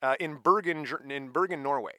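Upbeat jokey podcast co-host, a man with a bright voice, recorded dry. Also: on the high side, fairly quick, dry recording. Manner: playful, jokey, breaks into shouts and laughs. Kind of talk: casual comedic chat.

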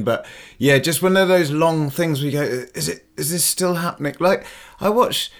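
A man's voice: on the high side, brisk. A man hosting a podcast, chatting easily, laughing often and acting out voices in his anecdotes. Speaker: podcast host. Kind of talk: casual podcast chat.

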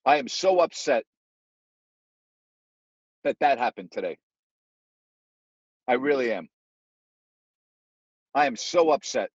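A man's voice: mid-range voice, animated, takes it slowly, long pauses, dry recording, muffled recording. A man hosting a live audio sports talk show, ranting in an indignant, repetitive, emphatic way. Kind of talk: angry sports talk monologue.

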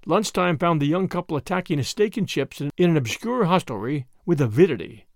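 Animated male storybook narrator. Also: fairly high pitch, no echo, studio quality. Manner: expressive, measured narration. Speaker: audiobook narrator. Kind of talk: storybook reading.

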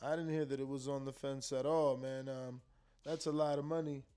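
A man's voice: medium pitch, level tone, normal speed, dark tone, clean tone. A man hosting a live stream, chatting casually about boxing and answering his chat in a loose, argumentative way with some swearing and repeated words. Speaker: live stream host reading super chats.

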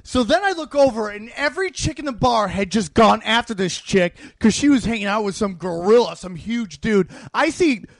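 A man who is a comedian guest, telling stories about his stand-up shows in a lively way, quick to laugh. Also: high voice, no echo. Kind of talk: casual storytelling chat.

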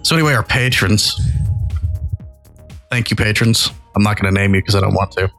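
A man's voice: fairly low pitch, fairly quick, a bit bright, soft background music. A man from Tennessee with a Southern accent, co-hosting a casual podcast and teasing his co-host. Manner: joking, teasing, profane. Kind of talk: casual chat.

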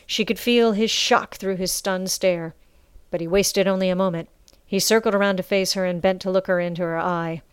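A woman narrates a dramatic story in a measured, expressive way. Her voice is smooth and resonant, recorded close and dry with no room sound. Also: medium pitch, no echo. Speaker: audiobook narrator. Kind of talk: scripted narration.

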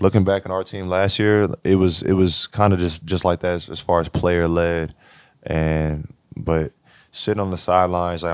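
A man's voice: low voice, clear, resonant tone, no room sound. A young man in his twenties, a college basketball player, telling stories in a laid-back, slangy way during a casual interview. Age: 20s.

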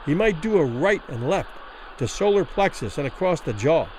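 A man's voice: fairly high pitch, moderate pace, a little hiss or hum, rough recording. A man narrating a classic short story in a dramatic audiobook reading. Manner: expressive, dramatic.

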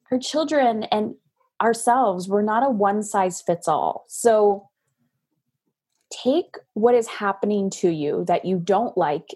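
Husky-voiced woman guest, frank and animated storyteller, coaching parents over a video call. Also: medium pitch. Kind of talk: casual interview talk.

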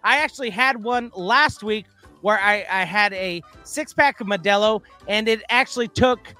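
High, bright-voiced ranting podcast man. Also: moderate pace, soft background music. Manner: rambling, gets worked up and ranty. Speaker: podcast co-host reading news. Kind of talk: casual podcast chat.

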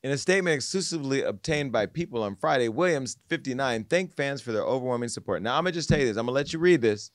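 A man's voice: mid-range voice, fast, hardly any pauses, no echo, clean studio sound. A man hosting a casual gossip podcast, telling stories with animation and acting out what others said. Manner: animated storytelling, acts out quotes. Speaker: podcast host.

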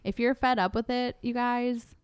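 A woman, co-hosting a casual podcast and chiming in with quick reactions. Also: a little high, steady tone, smooth, dry recording, clean studio sound. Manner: chatty, quick to laugh and chime in. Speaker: podcast co-host. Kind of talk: casual chat.

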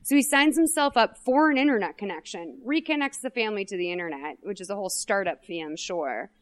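A woman co-hosting a podcast, recapping a movie in casual chat with an animated, profane, wry manner. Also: mid-range voice, brisk. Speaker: podcast co-host.

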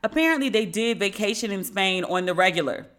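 A woman's voice: mid-range voice, animated, fairly quick, a bit bright. A woman hosting a podcast, telling a story alone in a sardonic, mocking way and slipping into quoted voices. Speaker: podcast host. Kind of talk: solo commentary.

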